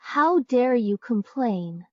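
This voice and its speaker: A woman's voice: a little high, expressive, slow pace, no echo, lo-fi sound. A woman playing a defiant vengeful young wife. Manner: cold, defiant. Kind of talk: dubbed drama acting.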